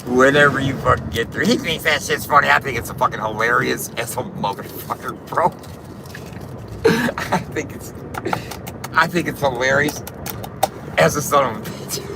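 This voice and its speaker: A man's voice: medium pitch, unhurried, gravelly, long pauses. A man chatting while driving, cursing a lot and laughing at his own joke. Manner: profane, laughing, self-amused. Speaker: vlogger. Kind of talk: casual chat while driving. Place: inside a car. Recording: car engine noise.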